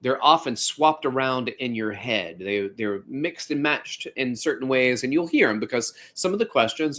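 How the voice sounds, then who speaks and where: Animated man hosting a fitness podcast. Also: mid-range voice. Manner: animated, conversational, with playful asides. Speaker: podcast host. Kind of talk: casual podcast monologue.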